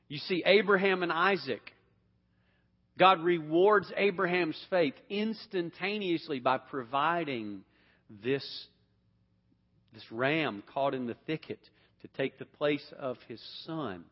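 A Bible teacher with a fairly high, slightly rough voice leads an interactive class, putting questions to the group. He repeats words and keeps restarting his sentences. The sound is dull, with a long hall reverb.

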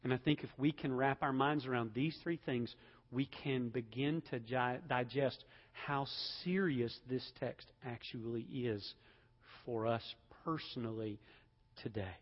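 A man preaching a sermon as pastor, emphatic, swelling to loud peaks and dropping low again. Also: a little slow. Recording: dull sound with long hall reverb.

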